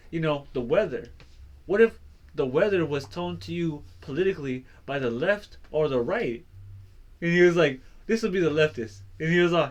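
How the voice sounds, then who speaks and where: Man, slightly high voice, podcast co-host, rambling storyteller who laughs a lot. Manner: rambling, laughs often, acts out dialogue. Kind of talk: casual chat and storytelling.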